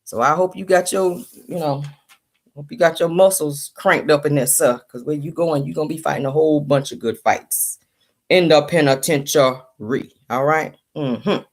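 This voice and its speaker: A woman with a low voice, speaking at normal speed, hosts a casual celebrity gossip show. She's sassy and chatty, calls her listeners honey and child, and still sounds sleepy from just waking up.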